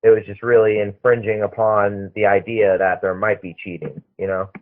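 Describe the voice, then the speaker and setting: A man speaks as a guest on a poker panel, agreeing with the others and building on what they say. His voice sits on the low side. It comes through a tinny phone line. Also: flat delivery, normal speed. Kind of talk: casual panel talk.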